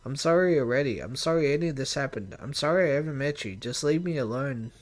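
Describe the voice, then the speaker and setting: A man's voice: medium pitch, expressive, fast talker, lightly acted. A man voicing a frightened young man who pleads in a raised, strained, wavering voice. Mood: defiant.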